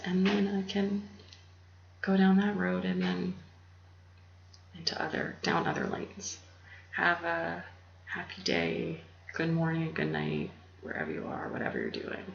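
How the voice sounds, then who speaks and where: A woman hosting her own channel, rambling in a soft, half-whispered, meandering way and laughing often, recorded on a laptop. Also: lowish voice, big pitch swings, normal speed, gravelly. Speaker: YouTube channel host. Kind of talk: rambling casual monologue. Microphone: laptop mic. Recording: roomy, dull lo-fi with faint hum.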